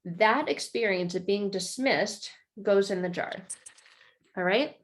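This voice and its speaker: A woman presenting a casual spoken explanation, animated, often repeating words and addressing the listener directly. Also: medium pitch, slow.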